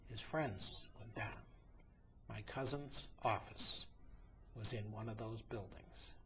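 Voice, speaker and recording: A man's voice: on the low side, slow, bright, forceful tone, slight background noise. A male priest hosting a talk show, delivering an emphatic, indignant commentary full of rhetorical questions. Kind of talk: impassioned commentary monologue. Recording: dull lo-fi recording.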